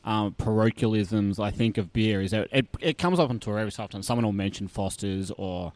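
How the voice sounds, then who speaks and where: A man with an Australian accent, chatting as a podcast guest, lively with lots of fillers and laughs. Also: lowish voice, fairly quick, dry recording. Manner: chatty and animated, many fillers, laughs often. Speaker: guest, brewery tour operator. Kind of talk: casual podcast interview.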